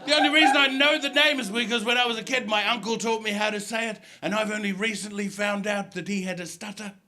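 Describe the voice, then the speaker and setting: A man's voice: sits high, fairly even intonation, fast talker, slight background noise. A man doing a stand-up set, telling stories and mimicking to build to punchlines. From New Zealand. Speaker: stand-up comedian. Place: comedy club stage. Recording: live club with loud crowd. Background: audience laughter.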